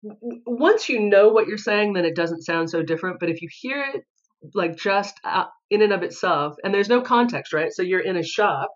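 A woman who works as a filmmaker, a podcast guest who tells stories in an animated, emphatic way. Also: mid-range voice, moderate pace, lo-fi sound. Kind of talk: casual chat.

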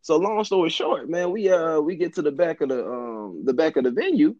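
A man's voice: a little high, lively intonation, moderate pace, warm tone, no echo. Laid-back young man, dull line. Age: young adult. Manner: laid-back, laughing, slangy storyteller. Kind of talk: casual storytelling.

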